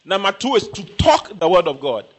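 High, lively preacher. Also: male voice, a little fast, slightly rough. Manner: emphatic, repetitive, bursts into shouting. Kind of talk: sermon.

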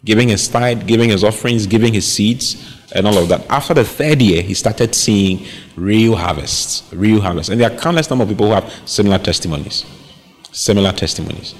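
A man's voice: lowish voice, brisk. A man preaching a sermon on giving, repeating phrases for emphasis and reading scripture aloud.

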